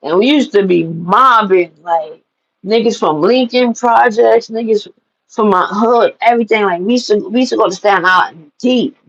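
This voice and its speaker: A woman telling animated, profane personal stories to the camera and laughing at them. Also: mid-range voice, normal speed, highs cut off. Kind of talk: casual storytelling to camera.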